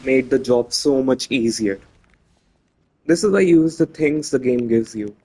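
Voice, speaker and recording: Guy talking through his gameplay, kinda husky low-key voice, chatty and restarts his sentences a lot. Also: a little slow, warm tone, low-quality recording. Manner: chatty, self-correcting, talks to viewers. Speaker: gameplay commentator. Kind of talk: casual let's-play commentary.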